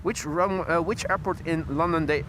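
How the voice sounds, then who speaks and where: Man, Dutch accent, high voice, bright and forward tone, live plane-spotting commentary outdoors, faint ambience behind. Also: fairly even intonation, moderate pace, a little hiss or hum. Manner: chatty, precise, self-correcting. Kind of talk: live commentary with chat greetings. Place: outdoors by an airport runway.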